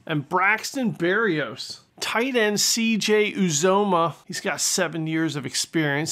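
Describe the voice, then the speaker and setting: A man giving excitable, jokey play-by-play commentary over a football video game. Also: sits high. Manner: excitable and jokey, mock-announcer delivery. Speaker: gaming commentator.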